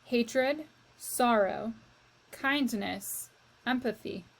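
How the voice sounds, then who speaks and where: A woman reads a children's novel aloud to a class, turning now and then to speak to the reader. She takes her time, with a slightly high voice and expressive storytelling. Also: drawn-out words. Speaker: teacher reading aloud to a class.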